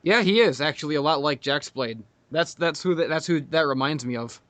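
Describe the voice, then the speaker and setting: A man's voice: a little high, expressive, a little fast, fairly bright tone, dry recording. A man telling a crude, profanity-heavy story in casual podcast chat, laughing often. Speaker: podcast guest.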